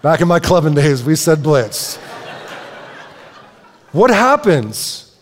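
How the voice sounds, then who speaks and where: A man's voice: fairly high pitch, sing-song, slow pace, slight background noise. Conversational man preaching in a reverberant hall. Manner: conversational, self-interrupting with repeated words and asides. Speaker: pastor. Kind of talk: sermon. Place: church sanctuary. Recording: long reverb of a large hall.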